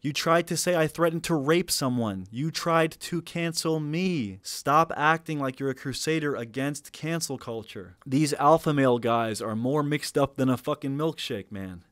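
A man's voice: fairly high pitch, normal speed, few pauses, fairly bright tone, dry recording, studio quality. A young man hosting a reaction commentary video, talking bluntly, sarcastically and with heavy profanity.

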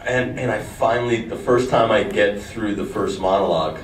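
A man telling lively stories with lots of laughter as a guest on a convention panel. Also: lowish voice, normal speed. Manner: animated, laughing storyteller. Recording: echoey, distant hall mic with noise.

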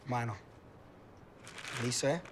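An actor playing an awkward, apologetic young London man who talks softly and sheepishly, over film music. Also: medium pitch, takes it slowly, background noise, natural voice. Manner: sheepish, soft-spoken. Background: film score music.

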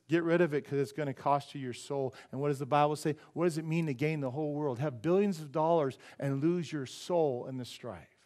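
A high-pitched man delivering an emphatic sermon from the pulpit. He keeps asking the congregation questions and slips into voices for the people in the passage he reads. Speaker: pastor.

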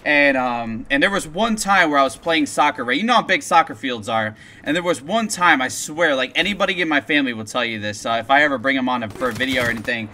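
A young man chatting on a live gameplay stream, excitable and profane, telling stories in slangy talk. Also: mid-range voice, quick pace, hardly any pauses. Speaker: gaming streamer.

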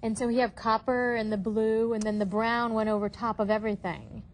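A woman's voice: fairly high pitch, fairly even intonation, brisk, a little hiss or hum, poor audio. A woman giving a hands-on painting demonstration, explaining each step and repeating phrases as she works. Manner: instructive, repeats phrases while working. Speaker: painting guest.

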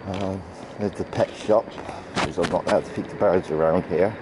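A rambling, chatty man in his fifties talks into a handheld phone on a city street. His voice sits fairly low, and clear traffic noise runs behind him outdoors. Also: fairly even intonation, normal speed. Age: 50s. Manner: chatty, rambling, calls out fondly to pigeons by name. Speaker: vlogger. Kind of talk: casual walk-and-talk vlog.

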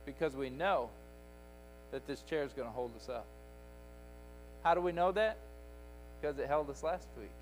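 A man's voice: medium pitch, moderate pace, long pauses, soft background music, low-quality recording. A man teaching Sunday school in a church, preaching with an emphatic, repetitive cadence. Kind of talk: sermon. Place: church sanctuary.

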